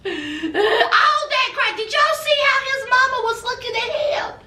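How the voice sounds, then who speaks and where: A woman's voice: very high voice, drawn-out words, sharp tone. A woman hosting a reality TV recap with sassy, gossipy commentary. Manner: sassy, gossipy, dramatic asides. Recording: echoey room, distance from mic.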